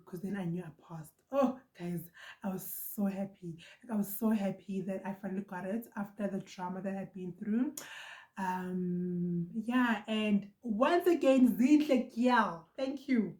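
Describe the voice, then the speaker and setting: A young South African woman vlogger telling a story in a casual, animated way, repeating herself for emphasis. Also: medium pitch, roomy sound.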